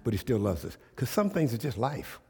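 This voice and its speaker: A man's voice: medium pitch, a little fast, husky. A male preacher giving a sermon, speaking. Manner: call-and-response preaching, rising to loud animated storytelling.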